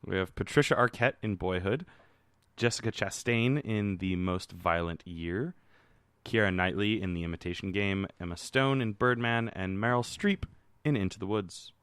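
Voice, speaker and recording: A man's voice: sits low, normal speed, a bit bright, smooth, no room sound. A man hosting a movie podcast, reading out the nominee lists in a dry, matter-of-fact way. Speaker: podcast host reading categories. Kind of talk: casual chat.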